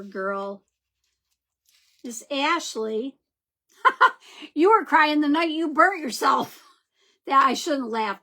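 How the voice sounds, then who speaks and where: A woman's voice: fairly high pitch, sharp tone. A woman hosting a live crafting demo, chatting and greeting viewers by name as she works. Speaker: craft livestream host.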